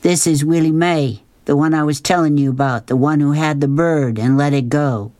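A reader voicing a quiet, earnest young boy in a storybook. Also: mid-range voice, steady tone, normal speed, no room sound, clean studio sound, close to an everyday voice.

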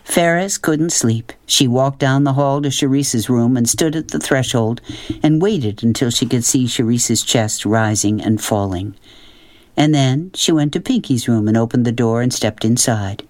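A man narrating a children's storybook, gentle and expressive. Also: medium pitch, a little slow, no room sound. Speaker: audiobook narrator.

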